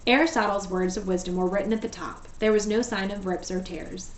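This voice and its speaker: Teacher reading a storybook aloud, roomy echo. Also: female voice, mid-range voice, a little fast, slight background noise. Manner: steady, gentle narration. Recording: echoey room, voice far from mic.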